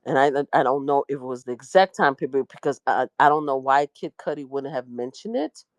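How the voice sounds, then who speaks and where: With no room sound, this middle-aged woman from the media world speaks fairly quickly, unpacking a trial story casually and with slang. She's animated and pops into high voices for the quoted lines.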